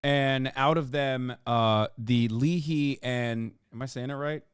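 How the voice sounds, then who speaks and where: A man's voice: mid-range voice, steady tone, takes it slowly, smooth, no echo, studio quality. A man hosting a casual reaction stream, talking heatedly and profanely, his voice climbing when outraged. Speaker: streamer host.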